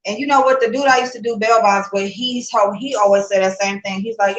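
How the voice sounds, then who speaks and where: A woman's voice: medium pitch, steady tone, brisk, hardly any pauses, lo-fi sound. A woman chatting casually straight to her viewers on a livestream, in a talkative, emotional way. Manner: chatty, talks straight to viewers, emotional and tearful when reading good news. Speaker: vlogger.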